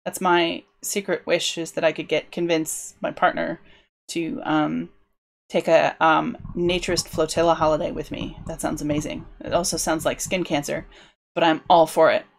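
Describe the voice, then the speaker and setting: A woman from the UK with a low, creaky voice and flat delivery talks at a moderate pace. During her casual livestream she builds a tabletop game world, rambling aloud and frequently cutting herself off.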